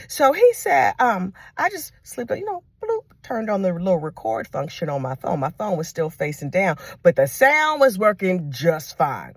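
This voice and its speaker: A woman's voice: fairly low pitch, huge pitch swings, normal speed, vocal fry, husky, no echo. A middle-aged woman telling a gossip story in a sassy, dramatic, casual way.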